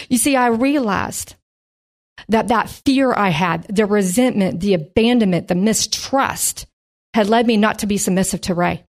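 A middle-aged woman giving a lively testimony in a sermon and acting out the voices in her story. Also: medium pitch, normal speed, creaky. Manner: animated storytelling, acts out voices. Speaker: pastor's wife giving testimony.

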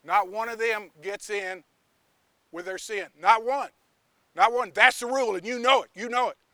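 A man voicing Justice as a stern, powerful male guardian who speaks slowly and insists on the rules. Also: sits high, bright, forceful tone, no echo. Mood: unyielding. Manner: stern, slow, rule-bound.

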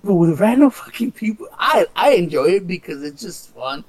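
A man in casual chat, telling stories loosely with profanity and quick impressions of others. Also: high voice, very animated, dry recording.

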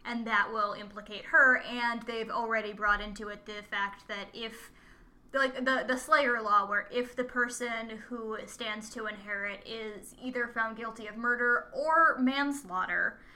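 A woman's voice: on the high side, steady tone, unhurried, bright, forceful tone. A woman in casual chat, chiming in with plot details and corrections. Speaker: podcast co-host. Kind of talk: casual film recap chat.

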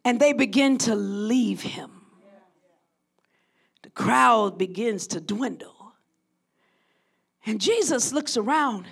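High, gravelly woman preaching a sermon. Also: lively intonation. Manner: swings from hushed, drawn-out lines to shouted crescendos; call-and-response with the congregation.

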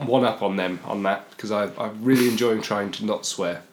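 A man's voice: on the low side, steady tone, moderate pace, slight background noise. A British man co-hosting a podcast, chatting casually with dry, wry quips. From Britain. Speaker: podcast co-host. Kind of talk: casual chat. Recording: roomy echo.

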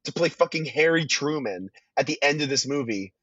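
A man's voice: medium pitch, animated, normal speed, a bit bright, slightly rough, no echo. A man guesting on a podcast, rambling through his thoughts on a film with restarts and casual swearing. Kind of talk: casual movie review chat. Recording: dull dry lo-fi sound.

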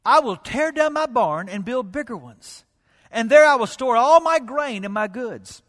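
A man's voice: very high voice, animated, a little slow, a bit bright, big-room sound, exaggerated voice. A male preacher voicing a smug rich farmer who plans aloud in a self-satisfied way, read from scripture.

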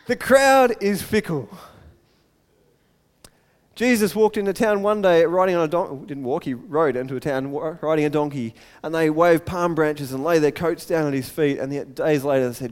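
A man preaching a sermon, telling the story with lively acted-out voices. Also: sits high, a little fast, clean tone. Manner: animated storytelling, acts out crowd voices. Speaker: pastor. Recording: long hall reverb.

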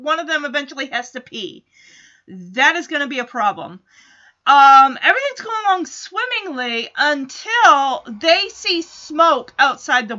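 A woman casually recaps an old TV episode for her viewers, chatty and wry throughout. Her voice is high and bright, and the recording sounds slightly dull. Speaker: TV show recap host.

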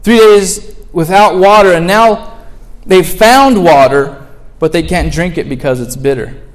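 A man's voice: high voice, unhurried. A man preaching a sermon as pastor, earnest, asking the congregation rhetorical questions and acting out complaining prayers.

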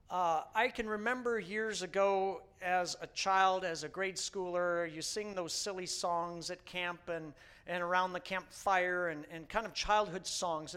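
A man's voice: sits high, fairly bright tone. A male pastor preaching a sermon, telling a story and repeating each point in a second language. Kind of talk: bilingual sermon.

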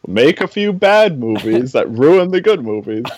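A man's voice: mid-range voice, big pitch swings, unhurried, a little mellow, slight background noise, rough recording. A man co-hosting a podcast in casual chat, hesitant and stammering with a dry sense of humor. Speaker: podcast co-host.

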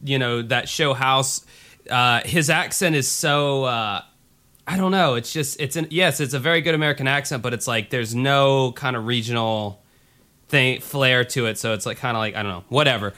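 A man with a slight Southern accent co-hosting a podcast, talking casually and cracking lowbrow jokes. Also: normal speed, bright, forceful tone. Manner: joking, lowbrow humor, rambling asides. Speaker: podcast co-host.

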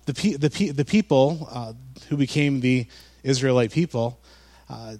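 Speaking at normal speed with a medium pitch, this pastor preaches casually and conversationally, often using fillers and restarting sentences.

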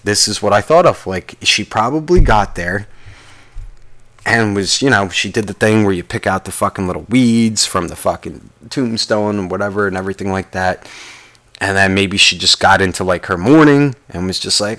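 A man's voice: fairly low pitch, normal speed, a bit bright. A man telling a rambling comic story, swearing constantly and interrupting himself. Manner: profane, rambling, self-interrupting. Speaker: vlogger.

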